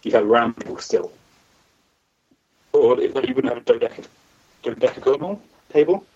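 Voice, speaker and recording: A man's voice: mid-range voice, normal speed, mellow, husky, highs cut off. A man co-hosting a casual podcast, talking in a laid-back, meandering way and unsure of his facts. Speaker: podcast co-host.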